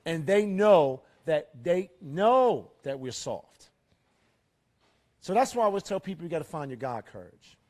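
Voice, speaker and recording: A middle-aged man with a notably high speaking voice delivers a fiery, preachy rally speech at a fairgrounds event. He fires off rhetorical questions and drops from loud to hushed for emphasis.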